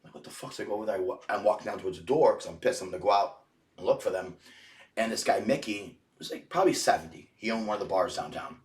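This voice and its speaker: A man with a low voice spins a rambling, profane story as a podcast guest, circling back and restarting his sentences. He sits a little back from the mic, and the room around him sounds echoey. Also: lively intonation, quick pace. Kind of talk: casual storytelling. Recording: roomy, distant mic.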